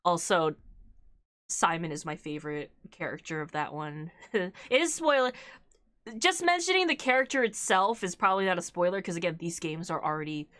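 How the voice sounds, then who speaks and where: A woman's voice: fairly low pitch, big pitch swings, moderate pace, fairly bright tone, no echo. Chatty young woman streamer. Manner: chatty, laughs often, many fillers. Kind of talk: casual live-stream chat while gaming.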